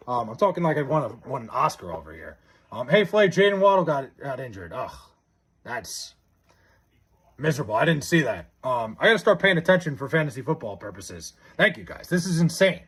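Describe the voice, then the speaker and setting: A young man hosting a casual livestream, reading chat aloud, excited and stammering, with a husky voice. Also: medium pitch, brisk. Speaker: livestream host.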